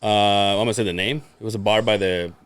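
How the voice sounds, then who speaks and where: A man's voice: fairly low pitch, fairly even intonation, fast talker, a bit bright, clear, resonant tone. A man, a podcast co-host, telling a story in casual chat, acting out quotes, laughing and swearing freely.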